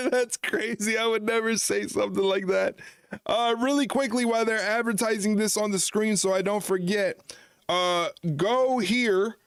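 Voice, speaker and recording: A man's voice: high-pitched, clear, resonant tone, no echo. A man hosting a casual wrestling watchalong livestream, joking and rambling as he corrects himself. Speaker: podcast host.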